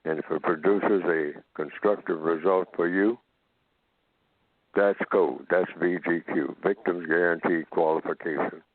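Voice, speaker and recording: A man with a very deep voice explains himself at a measured pace and circles back to repeat his points. He is heard over a tinny, phone-like line. The sound is dry and close, with no room around it. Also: fairly even intonation, no echo. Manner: slow, measured, repeats phrases for emphasis. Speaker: radio program guest answering callers. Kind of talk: call-in radio talk.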